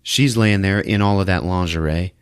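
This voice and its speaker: A man's voice: sits low, normal speed, clear, resonant tone, no room sound, studio quality. A man hosting a podcast, telling a film's plot in casual, profane, laughing style. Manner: laughing, animated, profane storytelling. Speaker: podcast host. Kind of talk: casual film recap.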